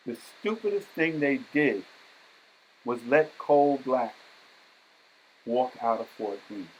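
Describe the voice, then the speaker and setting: Man, storyteller, slow pace, very animated pitch, dramatic, asks "okay?", faint background hiss. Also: highs cut off. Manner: unhurried, dramatic, tags lines with "okay?". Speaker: storyteller and teacher. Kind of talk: personal storytelling.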